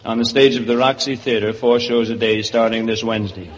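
A man from Brooklyn, a guest comedian trading quick wisecracks and laughing at his own jokes in 1940s radio banter. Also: on the low side, steady tone, lo-fi sound. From Brooklyn, New York. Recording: hissy old radio broadcast with reverb.

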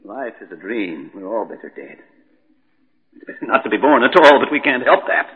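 A man's voice: medium pitch, very animated, a little fast, lightly acted. A man playing a raving, unhinged chemist. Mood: despairing. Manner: raving, swinging from murmurs to shouts. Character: desperate unhinged male chemist, bitter and suicidal. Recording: tinny old broadcast with long reverb.

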